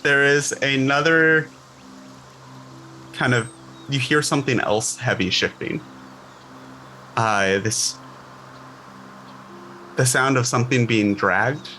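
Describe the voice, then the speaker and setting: Male game master, bright voice, relaxed descriptive narration, home stream mic, a faint hiss behind. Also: medium pitch, slow, pauses often. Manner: relaxed, descriptive, laughs often. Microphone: home microphone on a live stream.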